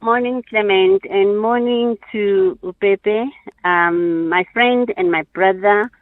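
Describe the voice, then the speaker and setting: A woman's voice: mid-range voice, takes it slowly, dry recording. Woman on a tinny phone line. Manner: effusive, heartfelt. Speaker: caller. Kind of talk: phone-in call to a radio show. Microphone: telephone.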